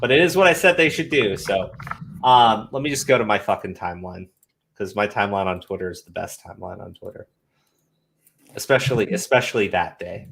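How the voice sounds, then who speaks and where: A man's voice: on the low side, animated, a little fast, gravelly, a bit bright. A man ranting casually as host of a commentary stream, profane and scornful, often repeating himself.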